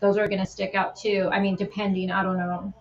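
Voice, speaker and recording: A woman's voice: mid-range voice, flat delivery, brisk. A woman hosting a livestream in casual chat, emotional and tearful, rambling with many restarts. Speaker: livestream host. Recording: roomy, dull lo-fi stream audio.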